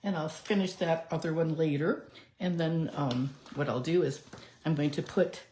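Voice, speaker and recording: A woman's voice: low-pitched, fairly even intonation, normal speed, mellow, a little hiss or hum. A woman doing a live card-making demonstration, chatting through each step as she works. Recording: echoey room.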